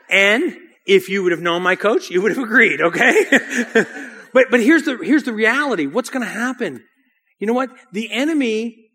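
A man preaching a sermon, telling a story in a lively, casual way. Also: high-pitched. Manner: lively and casual, often says "dude".

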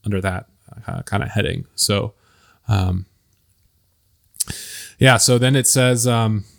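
A man hosting a casual Bible study podcast, talking in a hesitant way with many pauses and fillers. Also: fairly low pitch, vocal fry. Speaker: podcast host leading discussion.

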